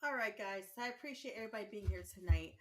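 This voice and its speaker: A woman hosting a casual gaming livestream, chatting warmly with her viewers and sounding tired and yawning. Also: medium pitch, fast talker.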